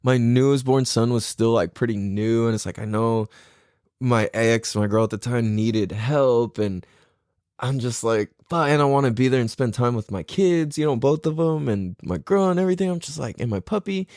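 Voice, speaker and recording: A young man hosting a podcast, telling a story in a casual, profane, animated way with frequent laughter and acted-out inner thoughts. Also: medium pitch, moderate pace, dry recording, clean studio sound. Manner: animated, profane, laughing often, acts out his own thoughts. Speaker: podcast host.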